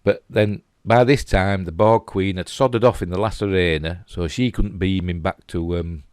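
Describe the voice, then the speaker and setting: A man's voice: sits low, steady tone, moderate pace, a little mellow, clear, resonant tone, dry recording, clean studio sound. A middle-aged man with a Yorkshire accent, rambling casually and chuckling as he comments on pictures. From England. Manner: chatty, rambling, chuckling asides. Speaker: host.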